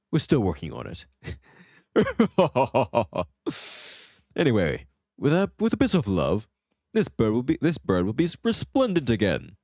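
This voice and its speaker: A man voicing a jovial, boastful old male shipbuilder and salesman, straining to sound gruff while reading game dialogue aloud. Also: on the low side, darkish tone, no room sound, studio quality.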